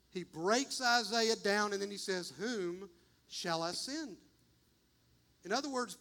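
A man's voice: sits high, a bit bright. A man preaching a sermon in a church, fervent and direct, calling the congregation "y'all". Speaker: pastor. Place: church sanctuary.

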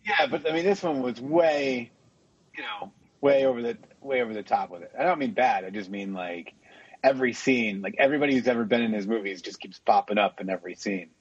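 A podcast co-host with a medium-pitched, slightly breathy voice talks a little fast in a casual, chatty conversation. He keeps stumbling into restarts and laughing frequently, and the audio is lo-fi and dull with no room sound.

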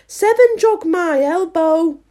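A woman's voice: high voice, big pitch swings, normal speed, dark tone, pitched above the performer's own voice. Woman doing sulky card gardener Five. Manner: sulky, defensive, raised voice. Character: sulky anxious male playing-card gardener.

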